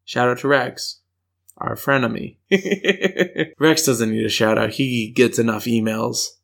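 A man's voice: medium pitch, takes it slowly, creaky, a bit bright. A man with an American accent, co-hosting a podcast in casual, playful chat and telling rambling stories. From United States. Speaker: podcast co-host.

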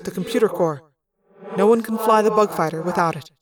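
A woman's voice: mid-range voice, a little fast, crowd noise, close to an everyday voice. A woman voicing a polite young male alien who speaks formally and precisely in a fan audiobook reading. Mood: formal calm. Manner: formal, precise, even-toned.

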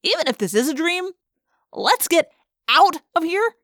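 A woman's voice: very high-pitched, big pitch swings, unhurried, a bit bright, dry recording, clean studio sound, voice pushed up, full character voice. A woman voicing a wisecracking, jumpy teenage boy in an audiobook. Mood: wry. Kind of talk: audiobook character voice.

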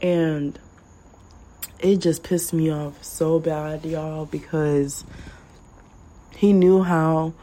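Low, slow-talking woman podcaster. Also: warm tone, low-quality recording. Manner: candid and blunt, acts out both sides of the conversation. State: coughing now and then. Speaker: podcast host. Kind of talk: casual storytime monologue.

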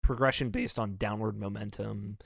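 A man's voice: on the low side, fairly even intonation, moderate pace, creaky, husky, no echo. A man reviewing a video game in a casual discussion, talking eagerly and rambling with lots of fillers. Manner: enthusiastic, rambling with many fillers.

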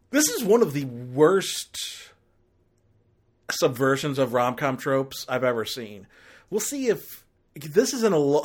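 A movie reviewer tears into a film in an exasperated rant, voice leaping up and down in pitch. The talk is loose and full of fillers and restarts, building into angry outbursts. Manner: ranting, exasperated, escalating into outbursts. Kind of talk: ranked-list movie review commentary.

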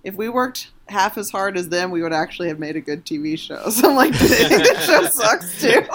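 A woman's voice: mid-range voice, animated, moderate pace, a bit bright. A woman co-hosting a casual chat, rambling, laughing often and swearing freely. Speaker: podcast co-host.

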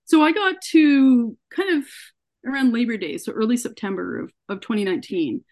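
A woman's voice: on the high side, expressive, moderate pace, darkish tone. Earnest woman telling her story. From Canada. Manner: earnest, recounts events by acting out quoted dialogue. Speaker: podcast guest. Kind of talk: personal story told in an interview.

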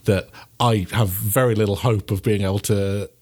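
A man playing a tabletop game, describing his actions in a halting, self-correcting way. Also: lowish voice, steady tone, darkish tone. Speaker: player.

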